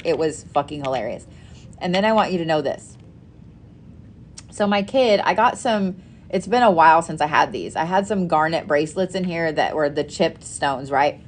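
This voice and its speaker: A woman hosting a casual live stream, telling stories with lots of swearing and lively asides to her audience. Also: lowish voice, unhurried. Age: adult parent. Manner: animated storytelling, frequent swearing. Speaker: live-stream host making custom bracelets.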